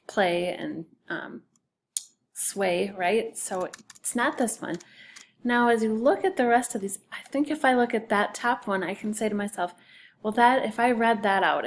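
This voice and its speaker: A woman's voice: mid-range voice, slight background noise. A woman teacher giving a recorded spelling lesson for children, patiently sounding out each word by syllable.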